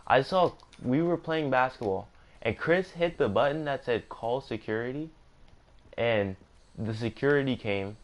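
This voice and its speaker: A young gaming streamer with a medium-pitched voice casually narrates a storytime, rambling, correcting himself and tossing in joking asides. There's a little hiss or hum in the audio.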